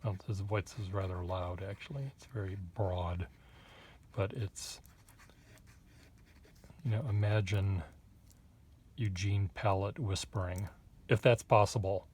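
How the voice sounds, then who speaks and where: A man's voice: deep voice, steady tone, slow, long pauses, a little mellow, slight background noise. A man chatting casually at his desk while drawing, rambling and hesitant, with wry asides to the viewer. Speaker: artist reviewing pens.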